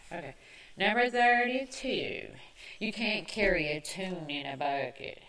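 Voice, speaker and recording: A Southern woman with a lowish voice talks slowly and chattily, making fun of herself as she goes. She sounds a bit far from the mic in an echoey room. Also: lively intonation, a bit bright, slight background noise. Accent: Southern American. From American South. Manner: chatty, self-mocking, quick asides. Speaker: podcast host. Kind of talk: casual chat.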